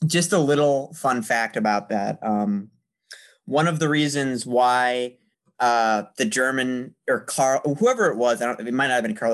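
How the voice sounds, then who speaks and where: A man in casual conversation, enthusiastically talking about a film and sharing trivia. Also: medium pitch. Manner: enthusiastic, chatty, shares trivia. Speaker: podcast co-host discussing a film.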